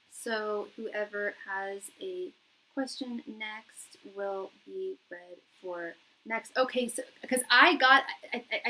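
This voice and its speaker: A young woman, a tarot reader and psychic, does readings on a live stream, reading viewers' chat messages aloud and chatting casually with lots of fillers, laughs and repeated words. Her fairly high voice sounds pushed and bright. The low-quality recording carries a little hiss or hum.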